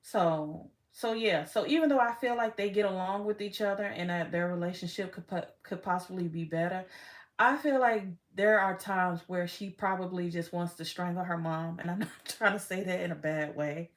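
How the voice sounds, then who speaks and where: A woman's voice: fairly low pitch, moderate pace. Chatty woman giving a tarot reading. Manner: chatty, frank, swears freely, laughs often. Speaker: tarot reader. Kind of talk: casual tarot reading vlog.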